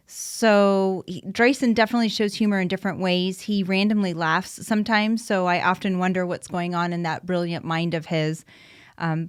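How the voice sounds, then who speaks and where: A woman's voice: mid-range voice, no echo, clean studio sound. A woman in her thirties hosting a podcast, talking candidly and chattily with frequent ums and restarts about life with her son. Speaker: podcast host, mother of an autistic son. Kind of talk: casual solo podcast talk.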